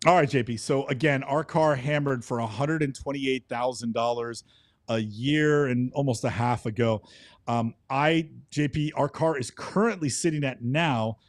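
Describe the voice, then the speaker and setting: A man's voice: medium pitch, moderate pace, dry recording. A man co-hosting a car auction podcast, giving direct, confident predictions. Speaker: podcast co-host. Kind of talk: casual car auction chat.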